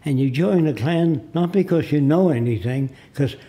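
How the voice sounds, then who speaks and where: A US man in his nineties is a guest in a studio interview, telling stories deliberately and acting out the people in them. His voice is on the high side and warm.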